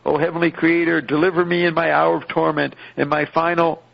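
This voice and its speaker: A man's voice: on the high side, flat delivery, fairly quick, vocal fry, dull audio. A man voicing a terrified, hopeless young male captive who pleads for deliverance. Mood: desperate. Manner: pleading, desperate.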